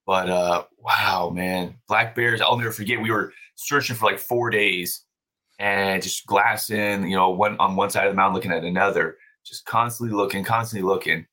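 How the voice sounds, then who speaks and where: A man's voice: low voice, steady tone, moderate pace, sharp tone. A man as a podcast guest, telling a story in a loose, profane, casual way and laughing often.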